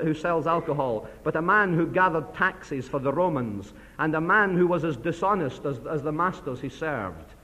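A man preaching a sermon to a church assembly, passionate, swinging between loud emphasis and hushed asides. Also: sits high. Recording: long hall reverb.

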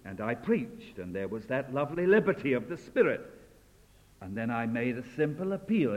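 A man preaching a sermon with fervent delivery, swinging from loud declarations to hushed, intimate lines. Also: mid-range voice, very animated, normal speed. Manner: fervent, rising and falling dramatically. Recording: dull sound in a long reverberant hall.

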